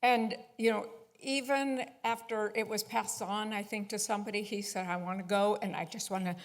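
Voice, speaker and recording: A middle-aged woman with a Buffalo accent addresses a synagogue congregation as a guest speaker. Her voice sits at an ordinary pitch, and she speaks in a chatty, informal way, filling her pauses with ums. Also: fairly even intonation, big-room sound. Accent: Buffalo, New York. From Buffalo, New York. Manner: chatty, with frequent fillers. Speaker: guest speaker, honoree's daughter. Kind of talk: personal remarks at a service.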